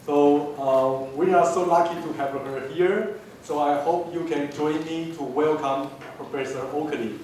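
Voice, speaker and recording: Um homem apresenta formalmente a palestrante, falando com hesitações e recomeços. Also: male voice, a little high, steady tone, distant mic, background noise. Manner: halting, with restarts. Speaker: event host introducing speaker. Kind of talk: formal introduction. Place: large lecture hall. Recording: echoey hall, voice from afar.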